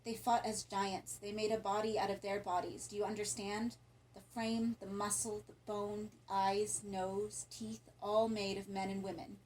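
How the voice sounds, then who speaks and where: A woman voicing a dying foreign man with a thick accent, speaking softly and slowly in pain. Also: high-pitched, level tone, a little hiss or hum, close to an everyday voice, poor audio. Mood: faint. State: weak, in pain.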